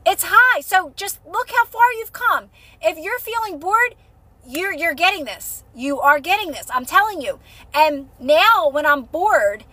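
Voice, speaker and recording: Woman, high voice, livestream host, chatty, reassuring, phone mic. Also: bright, forceful tone, no echo. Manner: chatty, reassuring, many fillers and repeats. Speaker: livestream host, manifestation coach. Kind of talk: casual livestream chat to viewers.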